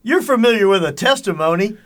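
A man's voice: high voice, lively intonation, brisk, fairly bright tone. A man co-hosting a podcast in casual chat, quippy, finishing others' sentences with dry jokes. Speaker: podcast co-host.

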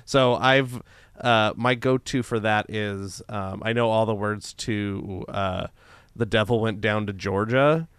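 Smooth low-voiced man, relaxed chat. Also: takes it slowly, no room sound. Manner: easygoing storyteller, many fillers. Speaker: podcast co-host. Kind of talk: casual chat.

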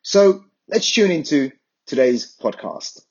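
A man reading a scripted podcast intro, listing items in a deliberate falling cadence. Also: fairly high pitch, expressive, darkish tone, breathy edge, faint music behind. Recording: dull, muffled sound.

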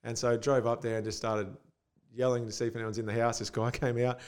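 A man's voice: mid-range voice, flat delivery, fast talker. A man, a basketball player guest telling stories in casual chat, laughing often.

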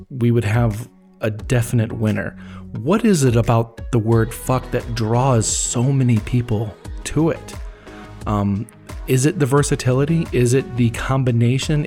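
A man's voice: mid-range voice, vocal fry, mellow. A man hosting a storytelling podcast, asking questions and giving an earnest sign-off. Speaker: podcast host. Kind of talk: podcast interview and outro.

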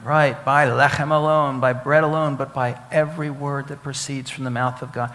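A man's voice: mid-range voice, little pitch movement, normal speed, fairly bright tone. A man preaching a sermon as a rabbi, teaching Hebrew words, asking the congregation questions and repeating key phrases for emphasis. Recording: long hall reverb.

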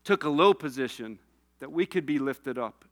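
Male preacher, bright and crisp, slightly high voice; story-driven sermon with fervent build. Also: animated, moderate pace. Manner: storytelling, rising to passionate exhortation. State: tearful.

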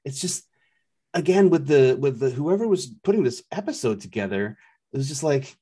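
A man's voice: mid-range voice, lively intonation, normal speed, dark tone, husky. A man co-hosting a podcast, recapping a TV episode in casual chat with a wry, exasperated and rambling manner. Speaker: podcast co-host.

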